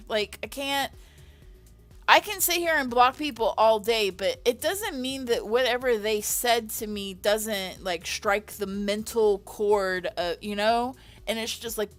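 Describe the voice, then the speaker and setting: A woman's voice: fairly high pitch, animated, unhurried, fairly bright tone, soft background music. A woman designer venting on a livestream, emphatic, exasperated and full of swearing.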